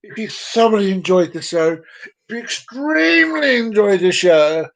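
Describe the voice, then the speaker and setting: Lively, high-voiced man hosting a vlog. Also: measured pace, creaky. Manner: rambling, jokey, repeats himself. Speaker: vlog host. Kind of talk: casual live-stream fact reading.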